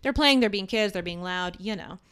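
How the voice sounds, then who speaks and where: A woman hosting a podcast, telling a history in a chatty, animated way with wry asides. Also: mid-range voice, fairly quick, clean tone. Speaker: podcast host. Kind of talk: casual storytelling chat.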